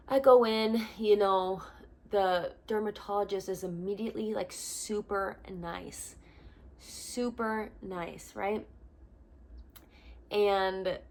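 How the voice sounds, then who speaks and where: A young woman, a missionary, telling her personal testimony in an earnest, animated vlog at home. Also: medium pitch, a little hiss or hum.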